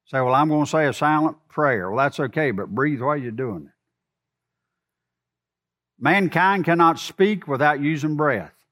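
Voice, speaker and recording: Preaching in a high voice, a pastor hammers his points with loud emphasis, then drops into soft, low asides, repeatedly asking the congregation questions. He's animated and keeps a moderate pace.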